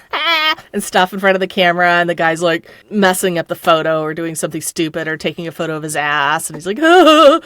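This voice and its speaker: A middle-aged woman guest telling a story in casual chat, her pitch leaping up and down as she laughs and acts out the people she quotes. The sound is dry and close, with no room around it. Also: fairly bright tone, no room sound.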